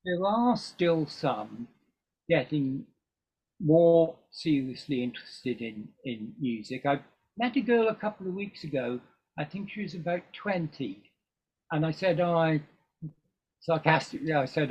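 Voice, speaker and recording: Speaking unhurriedly, an older man from England, a guest musician, has a fairly high but darkish, husky voice with lively intonation. He chats in a rambling way during a casual interview, full of ums and restarts, and the lo-fi recording is dull.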